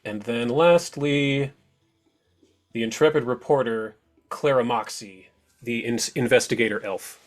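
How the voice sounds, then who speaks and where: A man's voice: medium pitch, measured pace, soft background music. A man as game master of an online tabletop game, chatty and upbeat, often laughing.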